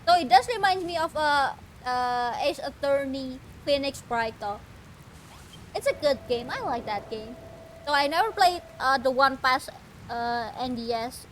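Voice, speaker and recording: A woman streamer rambles casually about a game in a chatty, giggly way. Her voice sits very high, with a faint hiss behind it. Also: animated, unhurried.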